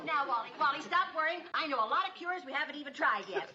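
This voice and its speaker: A woman's voice: sits high, animated, quick pace, a crowd in the background. An actress playing a cautious, worried woman in a sitcom, skeptical of her friend's ideas. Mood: coaxing. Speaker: sitcom character. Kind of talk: sitcom acting. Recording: muffled TV audio with laugh track and hiss.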